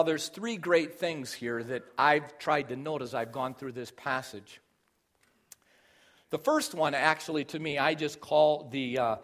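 Man, pastor, high voice, sermon, emphatic, middle-aged. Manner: emphatic preaching, rising loud on key phrases.

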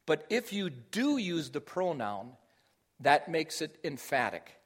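A man's voice: fairly high pitch, sing-song, slow. A middle-aged man preaching a sermon, explaining scripture and rising in force on key phrases. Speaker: pastor.

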